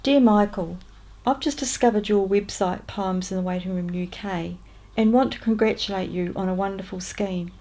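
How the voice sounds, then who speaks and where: A woman's voice: mid-range voice, normal speed. A woman with a New Zealand accent reading aloud her own letters, in a chatty, upbeat way. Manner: warm, chatty letter-reading with lively lifts on greetings.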